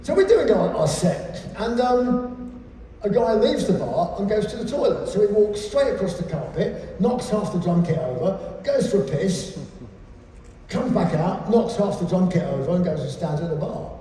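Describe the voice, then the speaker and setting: Animated English man in a big echoing hall. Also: sits high, moderate pace, slight background noise. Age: 60s. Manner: sweary, animated anecdotes. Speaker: keynote speaker. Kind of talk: comic storytelling on stage. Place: large live venue. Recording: echoey hall from far off.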